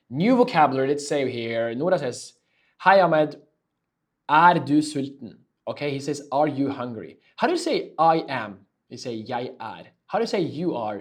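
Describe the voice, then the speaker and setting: Man teaching in quick bursts. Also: medium pitch. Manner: repeats key phrases slowly, then explains quickly. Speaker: language teacher. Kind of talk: casual language lesson.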